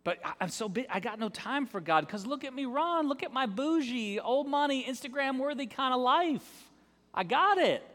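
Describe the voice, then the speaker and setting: A boastful show-off, preening in a raised voice, as a preacher mocks him. The smug tone carries into a long, echoing hall. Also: male voice, very high voice, lively intonation, normal speed, a bit bright, voice pushed up. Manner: boastful, mocking. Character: smug, self-important show-off man, busy and boastful.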